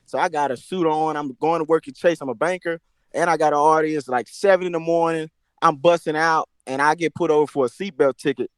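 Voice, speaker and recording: Brief: young male podcast host, rapid and slangy, tone a little high, dry close sound. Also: smooth, no room sound. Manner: animated storyteller, slangy. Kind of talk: casual podcast chat.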